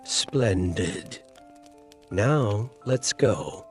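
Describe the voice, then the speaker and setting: A man's voice: fairly low pitch, expressive, extremely slow, soft background music. A man voicing a proud, bossy male rabbit who lays out plans solemnly. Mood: brisk. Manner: solemn, self-important.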